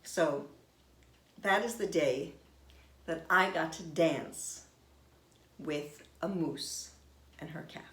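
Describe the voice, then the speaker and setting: A middle-aged woman telling a personal story in an expressive, animated way. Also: low-pitched, slow, pauses often. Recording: roomy echo.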